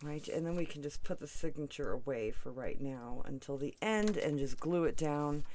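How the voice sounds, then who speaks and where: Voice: medium pitch, expressive, moderate pace, darkish tone, slight background noise. A crafting channel host chatting through a tutorial, rambling off on stories, often asking "right?" and laughing between sentences. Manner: rambling, tangents, frequent "right?" and "you know".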